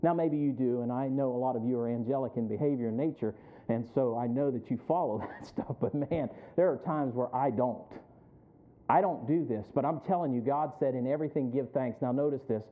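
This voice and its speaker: A middle-aged man preaching a sermon as pastor, telling a personal story and then building up to loud, high-pitched preaching. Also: a little fast. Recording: tinny phone-like sound.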